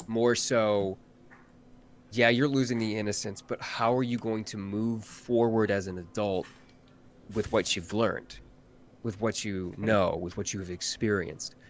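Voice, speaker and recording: A man, a voice actor guest on a live-stream interview, talking earnestly and haltingly with many restarts. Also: on the low side, steady tone, slight background noise.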